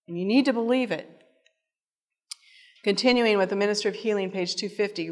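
A woman's voice: mid-range voice, brisk. A woman giving an earnest, emotional testimony sermon, retelling her own story and reading passages aloud. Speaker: speaker giving a testimony talk. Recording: long reverb from a hall.

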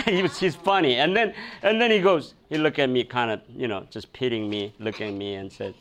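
A man's voice: on the high side, moderate pace, hardly any pauses, background noise. A man preaching a sermon, telling a personal story with many fillers, restarts and laughs. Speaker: pastor.

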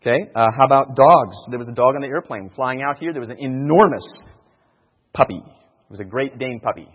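Earnest guy giving a church talk, kinda husky, repeats himself to drive points home, dull echoey hall sound. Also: medium pitch, brisk. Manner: earnest, repeats key phrases for emphasis. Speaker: speaker teaching evangelism. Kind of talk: informal sermon talk.

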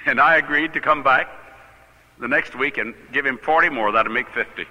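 Animated older preacher telling a story. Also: male voice, mid-range voice, moderate pace, long reverb tail, muffled recording. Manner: animated, laughing at his own story. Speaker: pastor. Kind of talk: sermon storytelling.

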